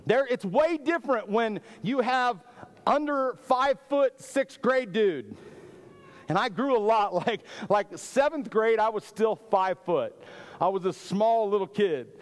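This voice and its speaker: Pastor, middle-aged man, somewhat high voice, lively sermon storyteller who stumbles and repeats words. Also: unhurried, big-room sound. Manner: animated, repeats words at starts of phrases. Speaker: lead pastor.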